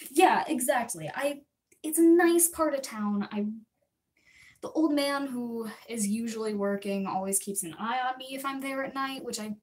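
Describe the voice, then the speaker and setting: A young adult woman livestreamer telling a story to her chat in a rambling, chatty way, full of quick asides. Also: high-pitched, a little mellow. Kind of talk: casual storytelling to live chat. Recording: voice a bit distant from the mic.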